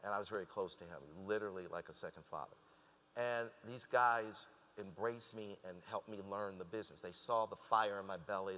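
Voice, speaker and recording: A man with a fairly low-pitched voice, recorded with a big-room sound, is a guest in a conversational interview. He tells a story animatedly, acting out the lines of the people he quotes.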